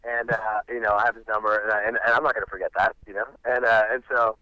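A man's voice: on the low side, flat delivery, fast talker, sharp tone, no echo, low-quality recording. A middle-aged man, a musician guest, telling rambling stories in an interview. He restarts often and acts out the quotes of the people in his stories. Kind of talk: animated storytelling in an interview.

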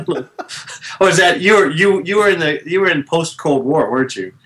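A man's voice: fairly high pitch, expressive, normal speed, a bit bright. A man in his thirties co-hosting a podcast, chatting casually with many restarts and fillers. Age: 30s. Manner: rambling, with many restarts and fillers, laughs easily. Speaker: podcast co-host. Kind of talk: casual chat.

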